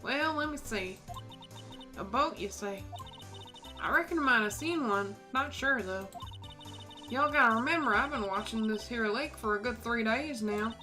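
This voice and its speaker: A woman's voice: mid-range voice, normal speed, over music, natural voice. Lotta Hart, a drawling country gal as a woman puts her on. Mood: folksy. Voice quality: drawling rustic twang. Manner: folksy and boastful. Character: brash young country woman photographer.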